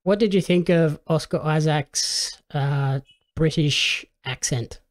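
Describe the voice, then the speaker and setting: A man's voice: fairly high pitch, slow pace. A man hosting a casual podcast chat about films and shows, easygoing and quoting his own reactions. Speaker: podcast host.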